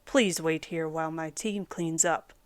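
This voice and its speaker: A woman voicing a hulking male mercenary in a wolf mask, booming and formal, with a Mexican accent. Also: fairly even intonation, unhurried, clear, resonant tone, dry recording. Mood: commanding.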